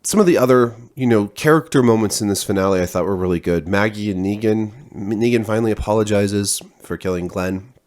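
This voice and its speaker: Middle-aged male reviewer, very low voice, loose rambling delivery. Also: brisk, few pauses, darkish tone. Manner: rambling, many restarts and fillers. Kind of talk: casual spoken review.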